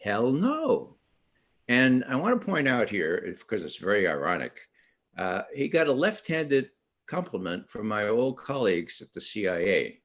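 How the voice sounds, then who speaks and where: A man's voice: fairly low pitch, sing-song, a little slow, fairly bright tone. An older man speaking on a panel at an online event, telling stories animatedly with frequent restarts and acted-out quotes. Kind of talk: storytelling talk at an online event.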